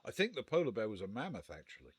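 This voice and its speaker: Wry, lively-voiced man reading a gamebook. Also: lowish voice, racing, breathy edge, no room sound. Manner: dry, wry understatement. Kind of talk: casual live-stream gamebook play-through.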